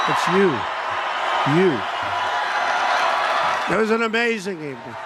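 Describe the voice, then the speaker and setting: A man's voice: high-pitched, expressive, measured pace, pauses often, over a noisy crowd, very noisy. A man giving a political rally speech, boastful and repetitive, mocking opponents and slipping into quoted voices. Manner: drops into quoted voices of others. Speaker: rally speaker.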